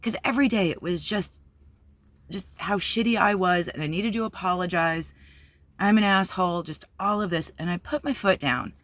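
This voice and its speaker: A woman's voice: on the low side, moderate pace, a bit bright, no echo. A woman candidly telling a personal story on her vlog, blunt and profane, with many fillers. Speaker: vlogger.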